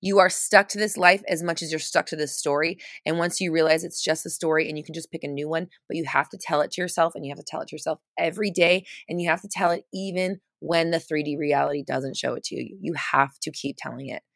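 A woman's voice: low-pitched, fairly even intonation, quick pace, creaky, few pauses, fairly bright tone, no room sound, clean studio sound. A woman giving casual, chatty coaching on a live stream, full of fillers and restarts, stressing points by repeating phrases.

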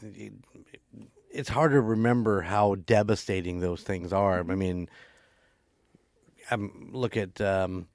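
A man with a fairly low voice joins in the chat with blunt questions and casual swearing. He speaks in an unpolished, conversational way. The recording is dry and close. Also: takes it slowly, long pauses, darkish tone, dry recording. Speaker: podcast co-host.

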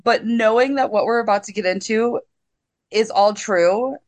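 A woman's voice: a little high, normal speed. Exasperated woman podcast co-host. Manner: exasperated, reacts with groans and laughs. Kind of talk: casual podcast banter.

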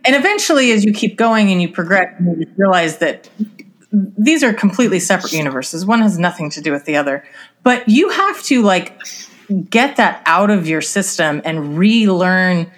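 A woman's voice: on the low side, lively intonation, moderate pace. A woman co-hosting a podcast, earnestly telling a personal story in a casual conversation. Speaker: podcast co-host.

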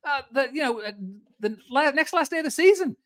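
Brisk and animated, this man co-hosts a podcast in an extremely high voice, ranting about sports in casual chat and constantly breaking off to restart his sentences.

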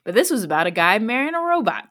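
A woman's voice: medium pitch, sing-song, fast, a bit bright, no room sound. A woman co-hosting a podcast, recounting a news story in a rambling, giggly, casual way. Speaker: podcast co-host.

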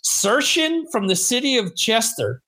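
Rambling, high-voiced American man chatting. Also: very animated, measured pace, bright, forceful tone. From United States. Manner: rambling, self-deprecating, jokey. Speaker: podcast host. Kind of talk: casual chat on a live stream.

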